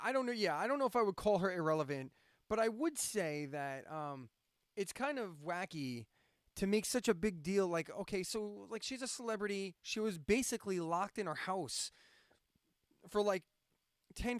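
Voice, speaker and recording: Ranting high-voiced streamer man. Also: expressive, normal speed, no echo, studio quality. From central Pennsylvania. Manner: ranting, profane, sarcastic. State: insomniac, drinking coffee late at night. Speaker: live-stream host and radio DJ. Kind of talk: casual chat.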